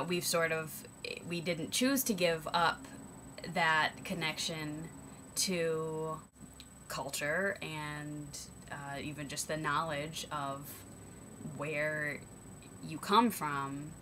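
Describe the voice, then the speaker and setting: A woman's voice: low-pitched, little pitch movement, drawn-out words, slight background noise. A young American woman talking reflectively to her camera, hesitant and thoughtful, with frequent ums and self-corrections. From United States. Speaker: vlogger. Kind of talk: reflective personal vlog monologue.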